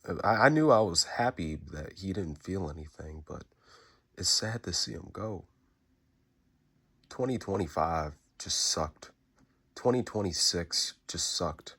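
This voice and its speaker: A man speaking an unscripted, emotional message while fighting back tears, halting and repeating his words and swearing casually. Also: sits low, expressive, a bit bright, breathy edge. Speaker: fan recording a tribute message.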